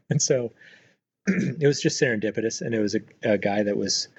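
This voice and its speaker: A middle-aged man, a retired Marine aviator, telling his story as a guest in a relaxed, rambling way with many fillers. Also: medium pitch, quick pace, breathy edge, dull audio. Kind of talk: casual storytelling interview.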